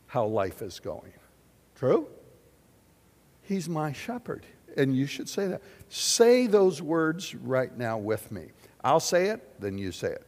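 A male preacher with a high, lively voice delivers a sermon at an unhurried pace. He pulls answers from the crowd and swings between booming declarations and quiet asides. The sound carries the long reverb of a large auditorium. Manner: animated, questioning the audience, big swings in loudness. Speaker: pastor.

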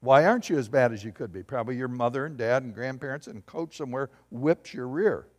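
Animated preacher in an echoing hall. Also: male voice, medium pitch, fast talker. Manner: animated, shifts from loud bursts to hushed asides. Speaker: pastor. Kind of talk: sermon with storytelling. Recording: long hall reverb.

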